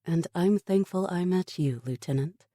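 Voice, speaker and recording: A woman reading as a gentle woman doctor. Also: fairly low pitch, moderate pace, no echo, studio quality, pitched above the performer's own voice, natural voice.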